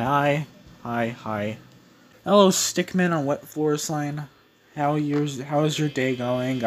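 Young male gamer, mid-pitched, excitable rambling commentary, faint hiss. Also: rough recording. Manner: rambling, filler-heavy, jumpy and excitable. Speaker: gaming YouTuber. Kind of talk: casual let's-play commentary.

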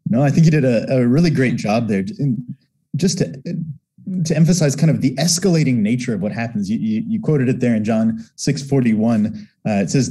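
A man's voice: medium pitch, fairly quick, mellow, breathy edge. A man, a priest guest, earnestly explaining scripture with quoted verses in a casual discussion.

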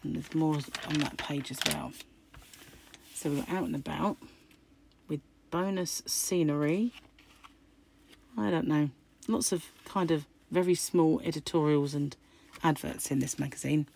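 Croaky middle-aged craft host, deep gravelly voice, chatty and musing. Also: female voice, steady tone, measured pace, long pauses, darkish tone. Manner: chatty, musing aloud while flicking through pages. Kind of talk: casual magazine unboxing chat.

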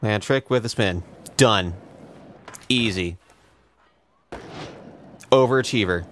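Casual gameplay commentary comes from a young man who is sarcastic, profane and quick to mock himself. He speaks slowly in a lowish, slightly bright voice, with slight background noise.

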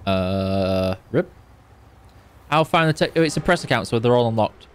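A man's voice: mid-range voice, expressive, normal speed, a little hiss or hum. Tired, chatty man streaming. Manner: chatty, reads chat aloud, hums along while playing. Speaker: game streamer on official channel. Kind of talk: casual live-stream chat while gaming.

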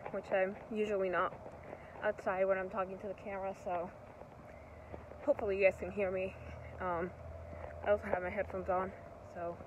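A woman's voice: medium pitch, muffled recording. Chatty young woman vlogging, noisy background. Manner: chatty, rambling, upbeat. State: slightly out of breath while walking. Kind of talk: casual vlog chat to camera. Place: outdoors in a park at sunset.

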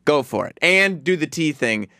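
A man's voice: fairly high pitch, expressive, normal speed, sharp tone, no echo. A man hosting a radio show in a studio, teasing and ordering a staffer around in casual banter. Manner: teasing, bossy. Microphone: studio mic.

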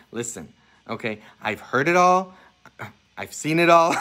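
A man preaching a homily as a Catholic priest, impassioned, dropping to a hush and rising loud as he acts out voices in his stories. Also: mid-range voice. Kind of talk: sermon.

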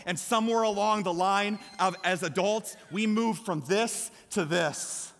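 A man with an American Midwestern accent preaching a lively sermon as a pastor, with emphatic bursts and shouts. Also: sits high, measured pace. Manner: energetic, emphatic preaching with sudden loud shouts. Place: large church sanctuary. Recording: long hall reverb from a church.

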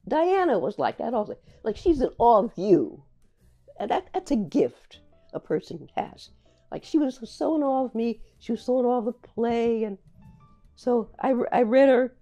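An older woman, a playwright, recalling her career in a reflective, halting way, often repeating words as she remembers. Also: a little high, very animated, dark tone, highs cut off, soft background music. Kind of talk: reflective personal storytelling.

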